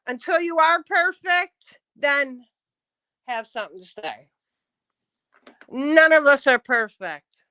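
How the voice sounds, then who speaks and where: A woman's voice: sits high, very animated, slow pace, long pauses, sharp tone, dry recording, dull audio. A woman on a live stream, ranting bluntly and confrontationally at her chat and swearing often. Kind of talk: heated live-stream rant.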